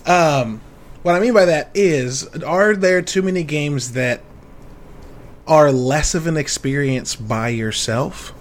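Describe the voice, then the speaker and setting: A man hosting a casual podcast chat, excitable and quick to laugh, with some swearing. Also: medium pitch, slight background noise. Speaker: podcast host.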